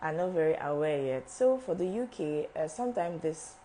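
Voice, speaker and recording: A woman's voice: sits low, expressive, moderate pace, hardly any pauses, dark tone, slight background noise, rough recording. A young woman, a visa officer hosting a live information session, who often repeats and restarts her phrases as she talks straight to viewers. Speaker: visa officer at a travel agency.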